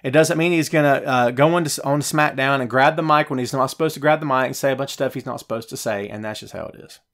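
A man's voice: medium pitch, quick pace. A male wrestling talk show host ranting at his viewers while he reads out their comments, a bit out of breath. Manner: animated, rhetorical, ranting to viewers. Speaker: podcast host.

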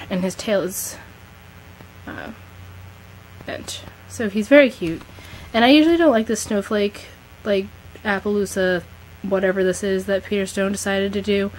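A woman's voice: mid-range voice, a little hiss or hum, poor audio. A teenage girl giving a chatty, gushing tour of her model horse collection, talking to her camera as she films. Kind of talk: casual collection tour vlog.

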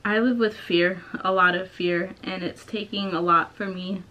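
A woman's voice: mid-range voice, steady tone, normal speed, bright, forceful tone, low-quality recording. A young woman vlogging from home, talking in a hesitant, rambling way with many restarts. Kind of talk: personal confessional vlog.

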